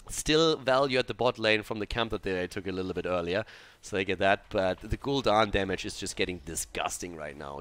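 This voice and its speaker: A man casting a video game match on his own, mixing brisk play-by-play with coaching tips. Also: mid-range voice, sharp tone, a little hiss or hum. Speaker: esports caster. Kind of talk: solo match commentary with analysis.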